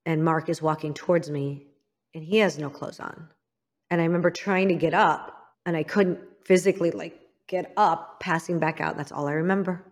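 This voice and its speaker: A woman from Illinois telling her own story as an interview guest, frank and emphatic, dropping to a hushed voice for the painful memories. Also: low voice, steady tone, moderate pace. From Illinois, United States. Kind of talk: candid personal storytelling.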